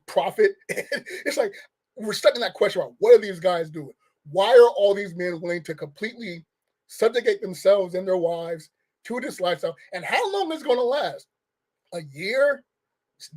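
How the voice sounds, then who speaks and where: A man's voice: high-pitched, darkish tone. A man giving a casual, rambling movie review rant, firing off questions with restarts and short laughs. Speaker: film reviewer.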